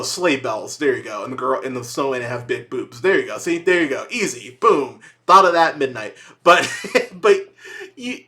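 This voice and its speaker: A young man hosts his own movie review podcast alone in casual, unscripted talk. His voice is bright and forward, and he rambles through the points with frequent restarts and plenty of cursing. He sounds exasperated, with a joking edge. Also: mid-range voice.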